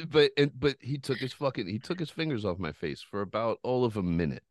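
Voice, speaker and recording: A man's voice: mid-range voice, normal speed, no echo. A man hosting a podcast, telling a rambling, profane story in casual chat. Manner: profane, rambling, animated retelling. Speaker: podcast host.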